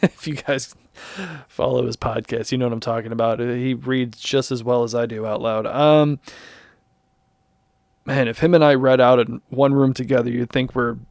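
A man's voice: medium pitch, gravelly, dry recording, clean studio sound. A young man hosting a podcast, reading a text aloud with rambling, jokey asides and frequent stumbles. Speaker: podcast host. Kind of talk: casual commentary, reading aloud.

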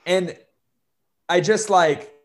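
A young man talking earnestly in an interview, with halting restarts and many fillers, at times choked up. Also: high-pitched. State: choked up with emotion. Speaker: guest. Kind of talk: conversational interview.

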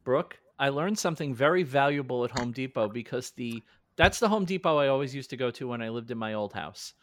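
A man in his forties co-hosting a casual chat show, telling stories with lively acted-out quotes and frequent laughter. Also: mid-range voice, a little fast, slight background noise. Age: 40s. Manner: animated storyteller, acts out quotes, laughs often. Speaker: podcast co-host.

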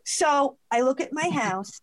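A woman telling a personal story as a guest in a conversation, expressive and quick to laugh, acting out the voices she quotes. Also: high-pitched.

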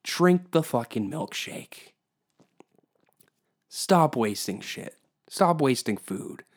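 A man's voice: mid-range voice, big pitch swings, takes it slowly, slightly rough. A hungover man hosting a solo podcast, ranting heatedly and swearing constantly. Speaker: podcast host.

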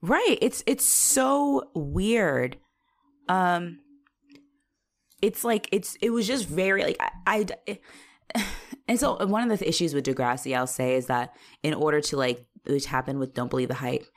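A woman's voice: lowish voice, animated, measured pace. A woman co-hosting a casual podcast, recapping a TV episode and swearing freely as she acts out the characters' lines. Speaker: podcast co-host. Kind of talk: casual rewatch podcast chat.

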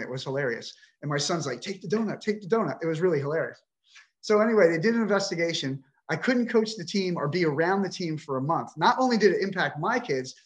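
Man, middle-aged, indignant, emotional, profane, slightly high-pitched, echoey room. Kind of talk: emotional personal account.

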